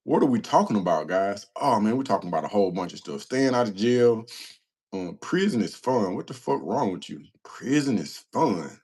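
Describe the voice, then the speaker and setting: A man hosts a casual livestream, reading comments and telling stories in a self-mocking, slangy way, laughing often. His voice is lowish, husky and darkish in tone, delivered briskly and expressively.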